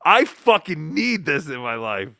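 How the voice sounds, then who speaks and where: Excitable, teasing host with a bright voice. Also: male voice, fairly high pitch, measured pace, creaky. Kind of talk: casual live-stream banter.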